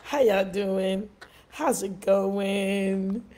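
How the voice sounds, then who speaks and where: A woman's voice: mid-range voice, steady tone, extremely slow, mellow, a little hiss or hum. A woman pastor, greeting viewers playfully at the start of a livestreamed sermon.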